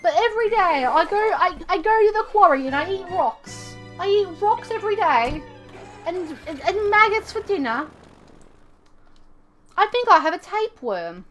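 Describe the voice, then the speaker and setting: Woman putting on a high little London urchin boy. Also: sing-song, moderate pace, a bit bright, faint music behind, heavily acted. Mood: pleading, silly. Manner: pleading, exaggerated. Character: poor little orphan street-urchin boy.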